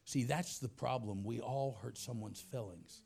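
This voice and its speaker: A man preaching through a personal story, swinging from hushed softness to loud shouting. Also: medium pitch, measured pace, creaky, husky. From United States. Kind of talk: storytelling sermon.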